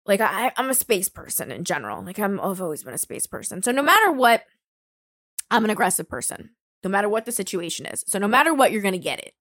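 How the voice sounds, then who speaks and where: A young woman talking bluntly in a casual chat, animated and swearing freely. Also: medium pitch, fast talker, no echo, studio quality.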